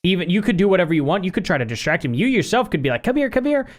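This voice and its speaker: A man's voice: sits high, racing. A man co-hosting a podcast, chatting casually and acting out little quotes as he tells stories. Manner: lively, chatty, acts out quotes. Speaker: podcast co-host. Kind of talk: casual chat.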